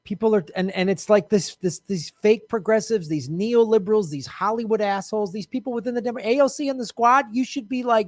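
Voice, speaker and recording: A man's voice: sits high, a little fast, few pauses, no room sound, clean studio sound. A man ranting about politics with a raised, frustrated voice and a sarcastic edge. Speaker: political commentator. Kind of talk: ranting monologue.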